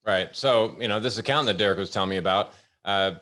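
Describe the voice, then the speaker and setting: A middle-aged man hosting a webinar, telling work anecdotes in a halting way with frequent fillers. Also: fairly low pitch, sharp tone. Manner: storytelling, halting with many fillers. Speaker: host. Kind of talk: casual webinar talk with anecdotes.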